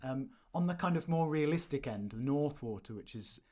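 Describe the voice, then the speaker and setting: A man's voice: medium pitch, animated, normal speed, mellow. A man from the English Midlands co-hosting a film podcast, chatting casually with lots of fillers and restarts. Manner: rambling, hesitant, many fillers and restarts. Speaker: podcast co-host. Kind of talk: casual film-review chat.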